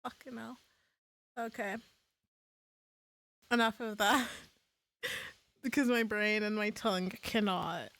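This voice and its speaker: A woman's voice: mid-range voice, steady tone, takes it slowly, creaky, pauses often, a bit bright, no room sound. A woman streamer chatting casually on a live stream, swearing freely and laughing at her own slips.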